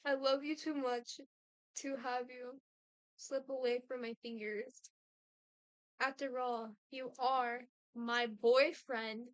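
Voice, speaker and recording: A woman voicing a possessive, obsessive young woman who fixates on a stranger. She speaks slowly, in an intimate and menacing way. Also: sits high, steady tone, fairly bright tone, clean tone, dry recording.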